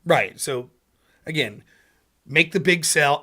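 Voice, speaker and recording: An American man hosting a political livestream, ranting in an animated, mocking way and sometimes calling himself half asleep. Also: a little high, normal speed. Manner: animated, mocking, slips into loud mocking quotes of opponents. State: sleepy.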